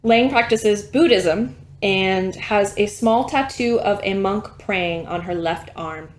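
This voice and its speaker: A woman's voice: medium pitch, slow pace. A woman co-hosting a podcast in casual chat, chatty and laughing often. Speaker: podcast co-host.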